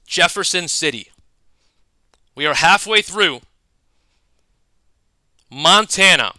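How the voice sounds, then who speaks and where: Male educator, higher-pitched, crisp tone, measured narration with punny asides. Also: sharp tone, dry recording. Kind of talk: scripted explanatory narration.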